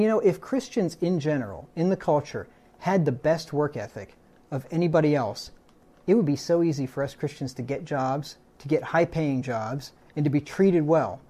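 Male pastor, sermon delivery, mellow low-warmth tone, reads scripture steadily. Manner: reads verses in a plain steady voice, with asides.

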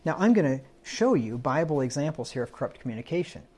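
A man's voice: a little high, big pitch swings, quick pace, a little mellow, husky. Conversational preacher man teaching scripture. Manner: conversational, quotes scripture, asks the room "right?". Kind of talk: Bible-study sermon.

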